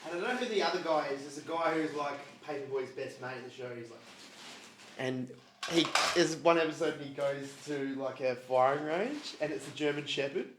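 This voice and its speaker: A man's voice: fairly high pitch, fairly quick, noisy background. A man chatting on a podcast in a somewhat raised voice, poking at his friend with questions and rambling into anecdotes. His tone is easygoing and teasing. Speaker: podcast co-talker. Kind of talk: casual podcast chat.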